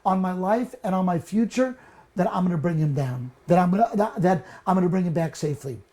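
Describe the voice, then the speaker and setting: A man's voice: high-pitched, expressive, a little fast, warm tone. A man doing Judah, pleading earnestly. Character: Judah, grown man pleading with his father.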